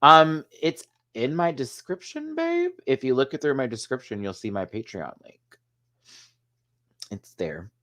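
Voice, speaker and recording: A man hosting a casual solo review, animated and emotional, swearing freely and using drag slang, rambling with restarts and asides to his viewers. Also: mid-range voice, a little slow. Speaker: TV show reviewer.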